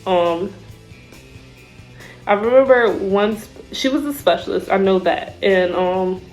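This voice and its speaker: A woman's voice: medium pitch, takes it slowly, faint music behind, rough recording. Woman telling a boot camp story. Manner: animated storyteller, shouts out drill calls; says "like" and "I remember" often. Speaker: Army basic training graduate. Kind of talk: casual storytelling vlog.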